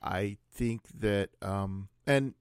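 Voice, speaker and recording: A man's voice: fairly low pitch, drawn-out words, smooth, no room sound. A man hosting a casual conversation, musing aloud and wandering into asides as he thinks things through.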